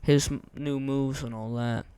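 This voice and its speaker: A young man giving casual, rambling gameplay commentary, his voice going hoarse, slangy and repeating himself. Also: mid-range voice, steady tone, a little slow, warm tone, dry recording. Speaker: gaming content creator.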